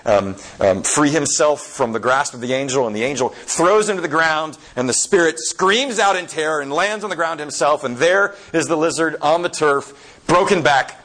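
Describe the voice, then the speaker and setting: A man giving a sermon, retelling a story with many fillers and slow, emphatic phrasing. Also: a little high, a bit bright, rough recording.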